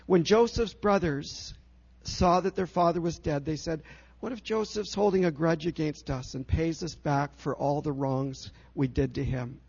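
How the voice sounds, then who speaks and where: A slightly high-pitched man preaches a sermon in a gravelly, husky voice. He is earnest and emphatic, leaning into slow, stressed phrases. The recording sounds dull and lo-fi. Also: a little mellow. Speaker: pastor.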